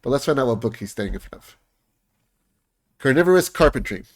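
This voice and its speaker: A man's voice: mid-range voice, racing, a little mellow. A man chatting casually as he plays a game, amused and laughing often. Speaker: game streamer. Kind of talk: casual gameplay commentary.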